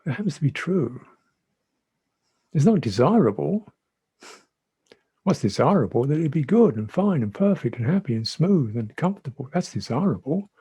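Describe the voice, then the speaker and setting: A man who is a Buddhist monk teacher giving a dhamma talk in a reflective, gentle way, often repeating his phrases. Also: fairly high pitch, sing-song, normal speed, long pauses, slightly rough. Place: monastery meditation hall.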